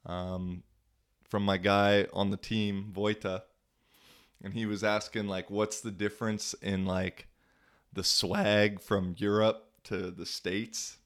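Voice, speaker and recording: A young man talking on his own podcast in a relaxed, rambling way. He uses lots of slang and filler words, and his voice sits a little low. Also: vocal fry. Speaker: podcast host. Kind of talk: casual storytelling monologue.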